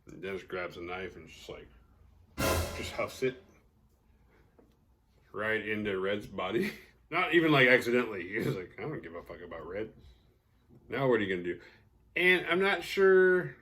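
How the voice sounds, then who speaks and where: A man talks through a horror movie plot in an offhand, profane way. His voice sits on the lower side. He mocks the characters' choices and slips into quick impressions of them. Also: very animated, pushed and bright. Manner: profane, sarcastic, acts out quoted characters with laughs. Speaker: podcast host recapping a horror film. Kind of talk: casual recap monologue.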